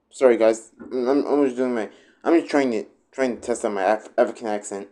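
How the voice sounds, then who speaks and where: A man's voice: mid-range voice, fairly quick, dark tone. A man hosting a reaction video, talking casually and restarting his sentences as he goes.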